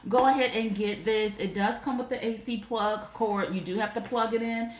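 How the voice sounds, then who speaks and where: Chatty woman stream host, roomy sound. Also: mid-range voice. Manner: chatty, animated, addresses viewers directly. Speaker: live shopping stream host. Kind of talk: casual live stream product chat. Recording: roomy echo.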